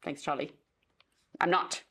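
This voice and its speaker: A woman's voice: measured pace, pushed and bright. A woman playing a tabletop horror game, giggly and earnest. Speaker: player. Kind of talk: in-character tabletop play.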